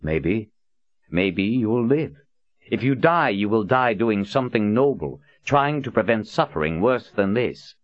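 Here a man puts on a theatrical old prophet, lifted well above his own low register, purring and mocking as he commands. His pitch swings widely. The recording is dull and lo-fi. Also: lively intonation, unhurried, no echo. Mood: stern.

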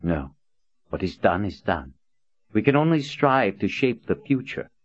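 A man's voice: lowish voice, very animated, a little slow, no echo, voice pushed up. A man voicing a grand, theatrical older male prophet who talks in a silky, mocking, commanding way. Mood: stern. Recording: dull lo-fi audiobook recording.

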